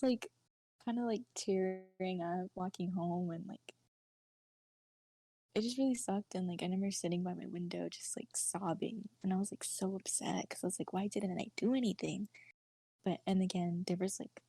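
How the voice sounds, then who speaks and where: A woman's voice: mid-range voice, normal speed, mellow, dry recording, low-quality recording. A young woman co-hosting a podcast, telling a personal story in a chatty, filler-heavy way and often sinking to a near-whisper. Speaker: podcast co-host.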